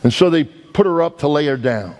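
A man's voice: on the high side, animated, brisk, darkish tone. Man, evangelist, storytelling sermon, folksy, emphatic, repeats himself. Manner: folksy, emphatic, lots of restarts and repeated words. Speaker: evangelist preacher.

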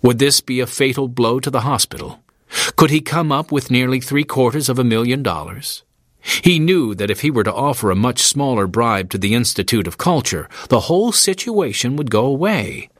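A man narrating an audiobook in a steady, measured storytelling manner, recorded close in a studio. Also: mid-range voice, dry recording. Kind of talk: scripted narration.

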